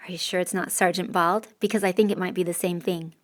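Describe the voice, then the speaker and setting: A woman voicing a sharp-tongued, defiant young woman who answers curtly and sarcastically. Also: lowish voice, fairly even intonation, fast, close to an everyday voice. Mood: sarcastic. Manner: curt and sarcastic.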